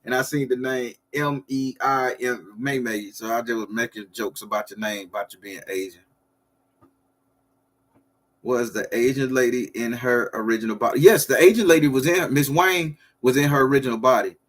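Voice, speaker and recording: A man's voice: medium pitch, moderate pace. A man from Florida, hosting a casual livestream and rambling loosely to his viewers. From southern Florida. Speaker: livestream host.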